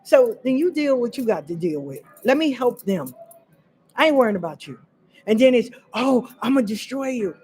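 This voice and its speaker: A woman's voice: fairly high pitch, very animated, normal speed, a little mellow, soft background music. A woman talking straight to her audience in an unscripted monologue, blunt and profane, with emphatic repetition. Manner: fiery and direct, addressing listeners as y'all. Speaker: vlogger sharing personal experience.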